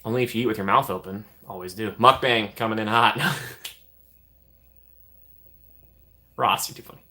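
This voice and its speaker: This livestream host speaks in a lowish register, bright and forceful. He's running a laid-back stream, reading donations aloud and gratefully thanking viewers again and again, laughing often.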